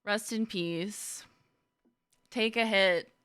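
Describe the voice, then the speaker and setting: A woman's voice: mid-range voice, fairly even intonation, drawn-out words, a bit bright, clean tone, no echo. A young woman streaming a game, chatting casually with viewers, greeting them by name and laughing often. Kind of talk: casual live-stream chat.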